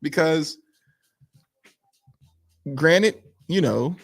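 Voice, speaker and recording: A man from Pittsburgh co-hosting a podcast, animated and opinionated, slipping into mimicked voices. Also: a little high, extremely slow, gravelly. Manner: animated, acts out quoted voices while ranting. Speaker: podcast co-host. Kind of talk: casual opinion chat.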